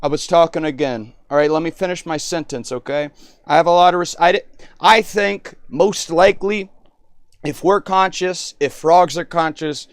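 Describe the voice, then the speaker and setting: A man on a live stream chatting with an AI, excitable and rambling, often cutting in. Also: on the high side, moderate pace, clear, resonant tone, no echo.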